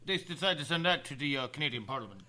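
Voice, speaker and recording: A man as guest co-host on a podcast, making deadpan absurd jokes in casual banter. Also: fairly high pitch, very fast.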